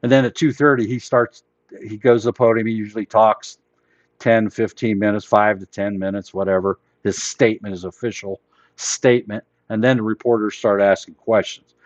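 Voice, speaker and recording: A man's voice: fairly low pitch, fairly even intonation, normal speed, no echo, lo-fi sound. A man hosting a live trading lesson, explaining orders in a rambling, plain-spoken way while losing his voice. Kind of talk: casual live teaching.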